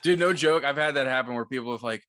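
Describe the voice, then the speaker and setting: A man co-hosting a casual podcast, telling loose, rambling stories peppered with swearing and laughs. His voice is bright and forward. It is recorded close and dry, with no room sound. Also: mid-range voice, quick pace, dry recording. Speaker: podcast co-host. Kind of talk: casual chat.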